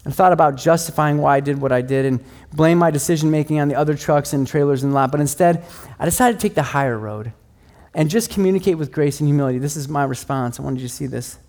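Conversational, self-deprecating middle-aged pastor. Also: male voice, a little high, quick pace, a little mellow. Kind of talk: sermon.

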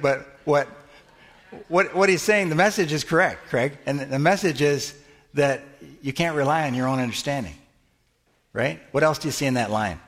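A man's voice: fairly high pitch, moderate pace, fairly bright tone. A middle-aged male pastor giving a conversational sermon in a church, asking the congregation questions and answering them. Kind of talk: interactive sermon teaching.

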